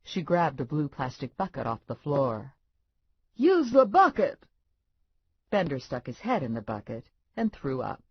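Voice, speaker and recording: A woman reading a first-person audiobook with wry, deadpan asides and a pitch that moves around a lot. Her voice is a touch husky, and the recording is dry and dull, lacking crispness. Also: moderate pace, hardly any pauses, no room sound. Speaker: audiobook narrator. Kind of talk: first-person scripted narration.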